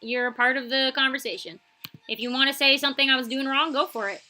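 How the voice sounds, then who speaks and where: A woman's voice: high voice, fast talker, pushed and bright, soft background music, low-quality recording. Chatty young woman, light New York accent. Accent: light New York, touch of Boston. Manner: chatty, laughs often, many fillers. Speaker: art streamer. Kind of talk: casual live-stream chat.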